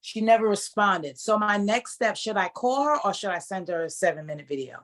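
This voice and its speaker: A woman on a group video call puts her question to the coach at a middle pitch. She sounds hesitant and pauses with fillers as she explains. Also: lively intonation, a bit bright. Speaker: team member asking a question on a call.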